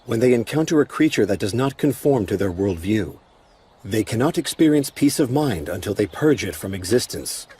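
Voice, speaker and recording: An ancient golem lord: low, husky, dark, measured, protective. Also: male voice. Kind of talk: anime English dub.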